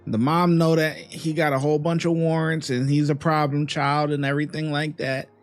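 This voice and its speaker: A man's voice: a little high, flat delivery, normal speed, soft background music. Man giving blunt, fed-up reaction commentary. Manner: blunt, exasperated opinionating. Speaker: host reacting to a video. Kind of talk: casual commentary.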